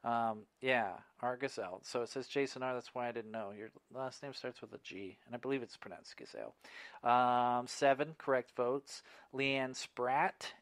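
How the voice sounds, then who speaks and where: A man's voice: mid-range voice, a bit bright, dry recording. Dry-sounding man on a podcast. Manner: wry, teasing, reads out contest results. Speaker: podcast co-host. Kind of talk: casual chat.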